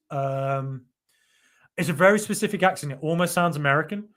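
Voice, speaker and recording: A man's voice: a little high, fairly quick, a bit bright. Chatty man hosting a live stream. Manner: rambling and chatty, with many fillers and restarts. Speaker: football podcast host. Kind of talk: casual live-stream chat reading out comments.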